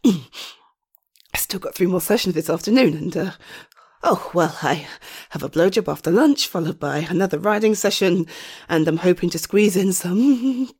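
A breathy, husky young woman, panting and out of breath as she talks. Her pitch swings widely from low murmurs up to high exclamations, and she keeps slipping into a soft whisper. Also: lively intonation, normal speed.

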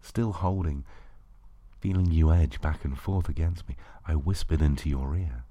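Man, very deep voice, dark husky tone, slow hushed erotic narration, breathy whispers. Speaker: narrator of an erotic audio story.

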